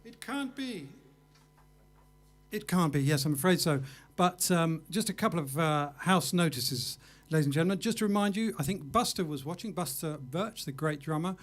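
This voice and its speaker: Guy hosting a jazz livestream from home, slightly high voice, rambling and jokey. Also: brisk, few pauses. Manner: chatty, rambling, self-mocking. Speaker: livestream jazz show host. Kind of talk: casual live show wrap-up.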